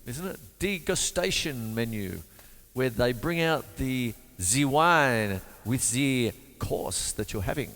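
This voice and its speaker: A man's voice: mid-range voice, animated, takes it slowly, in a large hall. A man teaching drums in a chatty, jokey way, counting beats aloud while he plays. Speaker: drum teacher. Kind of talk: drum lesson with counting aloud. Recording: loud drum kit playing over the voice. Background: drum kit.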